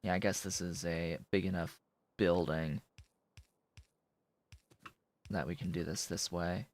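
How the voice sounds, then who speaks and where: A man's voice: deep voice, steady tone, a little slow. A man streaming a building game, thinking aloud in casual commentary as he works.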